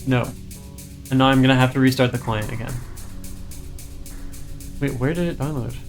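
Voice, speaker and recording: A man's voice: mid-range voice, steady tone, moderate pace, creaky. A man casting a rhythm game tournament live, chatty and frank, getting flustered over stream trouble. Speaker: tournament caster. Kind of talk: casual live game commentary. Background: game music.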